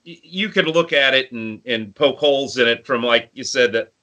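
Bright-voiced man telling stories. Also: medium pitch, moderate pace. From grew up in the countryside. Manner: storytelling, acts out friends' voices. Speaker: podcast co-host. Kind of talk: casual movie chat.

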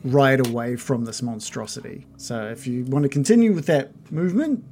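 Game master, male, mid-pitched, halting descriptive narration with lots of ums. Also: dark tone, a little hiss or hum. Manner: hesitant, many fillers, descriptive.

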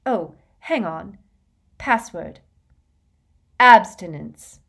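A woman voicing a brisk, clever teenage girl in an audiobook, with quick, clipped, emphatic speech. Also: fairly low pitch, expressive, creaky, a bit bright, husky, exaggerated voice. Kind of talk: audiobook character voice.

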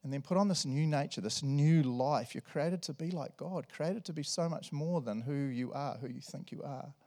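Preaching at a church service, this male pastor has a fairly high pitch and keeps a moderate pace. He's lively and jokey, his volume rising and falling as he goes.

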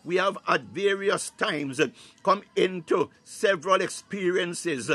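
A man's voice: sits high, fairly bright tone, slightly rough, dry recording. A man preaching a fervent morning prayer and exhortation, quoting scripture and breaking into tongues between phrases, with many "uh"s and "hallelujah"s. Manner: fills pauses with "uh" and "hallelujah"; quotes scripture in King James wording.

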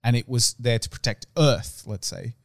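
A man's voice: mid-range voice, normal speed, no echo. Young man, dry close sound. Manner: swears freely, loose slangy storytelling. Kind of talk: casual chat.

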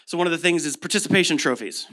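Very fast and fairly high-pitched, this pastor's pushed, bright voice moves with lively intonation. He's an American in his thirties giving a casual, story-filled sermon peppered with rhetorical questions.

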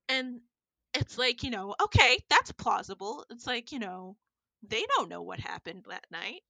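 A woman in casual chat, retelling a film plot in an animated way with lots of fillers. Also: a little high, measured pace, vocal fry, no echo, low-quality recording. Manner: animated storytelling, many fillers.

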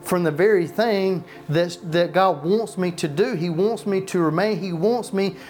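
A man's voice: high-pitched, unhurried, a little mellow, soft background music. A male pastor preaching a sermon in a church, passionate, asking rhetorical questions and often restarting his sentences.

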